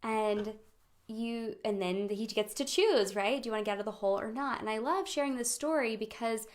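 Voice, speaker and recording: A young woman hosting a casual live-streamed talk on friendship, animated, laughing often and acting out quoted voices. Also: a little high, brisk. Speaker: host of a friendship training.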